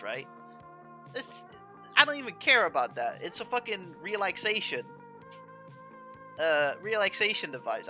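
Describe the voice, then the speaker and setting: A man's voice: on the high side, pushed and bright. A young man streaming games at home, ranting to his chat in a restless, profane way and often trailing off to restart. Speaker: game streamer.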